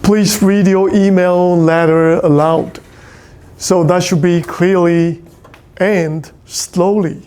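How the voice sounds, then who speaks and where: A man's voice: high voice, fairly even intonation, slow, dark tone, smooth. Taiwanese-accented man teaching, repeating "please". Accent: Taiwanese Mandarin. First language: Mandarin. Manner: repetitive, pleading "please" and "okay?", switching between English and Mandarin. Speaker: physics lecturer. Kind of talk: classroom instruction.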